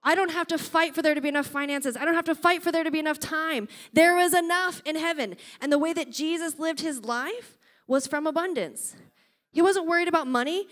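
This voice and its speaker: A woman preaching a sermon in church, telling stories with lively energy and often checking in with her listeners. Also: sits high, brisk. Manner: animated storytelling, often checks in with "okay?".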